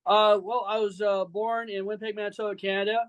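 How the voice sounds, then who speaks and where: A man's voice: high-pitched, little pitch movement, fast talker, fairly bright tone, clean tone, no echo, poor audio. A man in his forties from Saint Louis, a wrestler guest chatting loosely with lots of fillers and some brash trash-talk. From Saint Louis, Missouri. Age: 40s. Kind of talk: casual interview chat.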